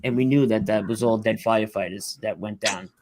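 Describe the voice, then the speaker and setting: A man's voice: lowish voice, fairly quick, a little mellow, no room sound. Middle-aged new guy, rescue worker in an interview, blunt, keeps restarting, holding back tears, dry sound. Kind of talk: emotional storytelling.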